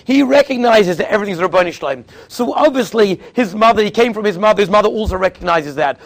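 A man's voice: expressive, fast. A man giving a Torah class as a rabbi, telling stories and acting out the people he quotes, often repeating and restarting phrases. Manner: storytelling, acting out quoted speakers with sudden pitch jumps.

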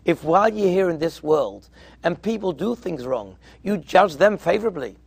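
A man's voice: high-pitched, expressive, normal speed, vocal fry, slightly rough, no echo. A man, a rabbi, giving a sermon to yeshiva students, telling stories and acting out their dialogue, with Hebrew and Yiddish terms mixed in. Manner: storytelling, acting out dialogue in quotes.

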